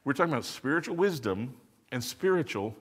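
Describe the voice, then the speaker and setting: Preaching a little fast, this pastor's medium-pitched voice swings widely in pitch. His expository sermon to the congregation works through rhetorical questions that he answers as he teaches.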